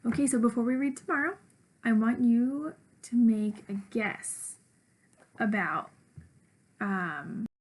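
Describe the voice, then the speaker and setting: A woman teacher reads a children's chapter book aloud with lively expression. Her voice sits a little high and she talks to her students as she goes. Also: takes it slowly, long pauses, husky. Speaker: elementary school teacher.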